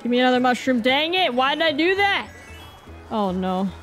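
A woman giving casual live gameplay commentary, excitable and self-mocking, with slang and mild swearing. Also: sits high, moderate pace, faint music behind. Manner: excitable, groans and cheers at every turn. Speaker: gaming video creator.

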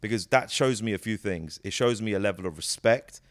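A man, a comedian giving a casual interview, animated and jokey, swearing freely and slipping into quick character voices. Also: fairly low pitch, no room sound. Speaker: comedian and actor, guest.

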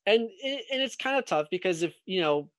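A young man with a somewhat high-pitched voice, recorded close and dry. He rambles in casual chat as a podcast guest, swearing freely and leaning on "you know". The delivery is loose and conversational. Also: lively intonation, moderate pace, a bit bright, no echo.

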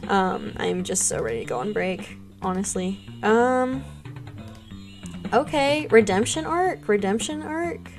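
A woman's voice: mid-range voice, lively intonation, takes it slowly, faint music behind. A young woman streaming a game, chatting casually and gushing thanks to her viewers. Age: young adult. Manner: bubbly, gushing thanks to chat. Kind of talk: casual live-stream chat while gaming.

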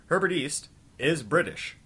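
A young man hosting a comedic game review, ranting in an exasperated, scattershot way and talking himself back to calm. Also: fairly high pitch, measured pace, breathy edge. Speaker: host of a retro game review show.

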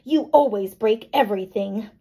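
A woman's voice: mid-range voice, normal speed, slightly rough. A woman voicing a crabby little girl arguing with her friend in a storybook reading. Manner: crabby, indignant, loud.

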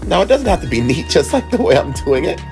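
An upbeat host of a children's channel walks young viewers through a simple recipe, calling them kiddos. The voice sits mid-range and climbs and dips in lively swoops. Faint music plays underneath. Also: mid-range voice, fast. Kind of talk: cheerful cooking demo for kids.

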